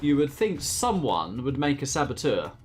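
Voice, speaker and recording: A man's voice: medium pitch, big pitch swings, moderate pace, over music. A man, casting a strategy game tournament in a chatty, laughing commentary style. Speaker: game caster. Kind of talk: casual esports commentary.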